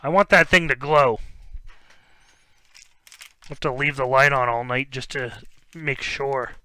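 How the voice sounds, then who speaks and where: A young man with a smooth, medium-pitched voice speaks at a measured pace while hosting a card break on a live stream. He rambles casually as he opens packs and reads off player names, sometimes stumbling over them and breaking into bursts of excitement.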